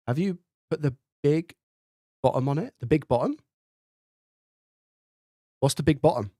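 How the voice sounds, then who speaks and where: A man's voice: fairly high pitch, lively intonation, unhurried, warm tone, dry recording. A man hosting a live stream in casual chat, thinking aloud and testing his microphone up close with repeated checks. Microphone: studio dynamic mic, close up.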